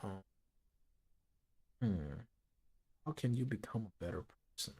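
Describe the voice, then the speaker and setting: A man's voice: on the low side, animated, unhurried, darkish tone, breathy edge. A man streaming a late-night casual chat, earnest and reflective, talking things through with lots of "like" and "you know.".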